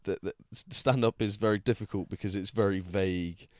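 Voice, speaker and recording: Rambling man, low dry voice. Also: steady tone, brisk, a little mellow, dry recording. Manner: rambling, restarts often. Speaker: podcast host. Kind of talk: casual chat.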